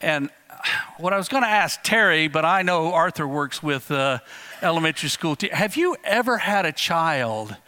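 A male pastor gives a relaxed, storytelling sermon, circling back often with fillers and restarts. His voice is bright and clear and sits a bit higher than most men's. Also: normal speed.

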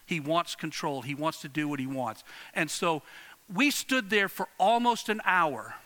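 A middle-aged man preaching a sermon, telling a family story with repeated phrases and swings between hushed and loud delivery. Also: fairly high pitch, expressive, measured pace. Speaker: pastor. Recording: long reverb of a large hall.

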